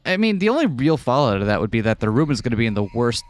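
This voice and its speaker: A man's voice: mid-range voice, very animated, racing, dry recording, faint music behind. A man hosting a let's-play, reading a visual novel aloud in a casual way with joking asides.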